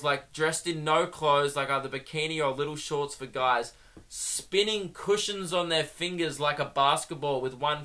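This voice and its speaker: A young man hosting a comedy podcast, riffing in an animated, mocking way with free swearing. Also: on the high side. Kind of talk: comic monologue.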